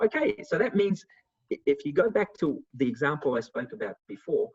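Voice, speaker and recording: A man with a somewhat high, breathy-edged voice speaks in a motivational webinar, slipping into quick acted-out dialogues. His audio is muffled and lo-fi, as over a video call. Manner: animated, acts out little dialogues. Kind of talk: motivational talk answering questions.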